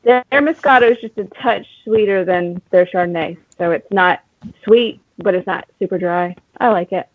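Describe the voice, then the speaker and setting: A co-host on a casual talk show, bubbly and quick to laugh. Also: mid-range voice, dry recording, narrow, tinny audio. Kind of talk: casual chat.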